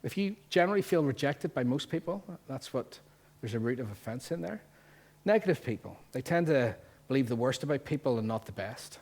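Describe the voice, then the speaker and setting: In a church, a male pastor with a Northern Irish accent preaches at a brisk clip in a mid-range voice. He keeps it lively and jokey, peppering the sermon with rhetorical questions.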